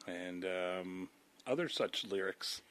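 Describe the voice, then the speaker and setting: A man's voice: low voice, takes it slowly, fairly bright tone, a little hiss or hum. A man co-hosting a podcast at home in casual chat, rambling and joking. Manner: rambling, jokey, puts on silly voices. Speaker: podcast co-host. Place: home, seated on a sinking chair.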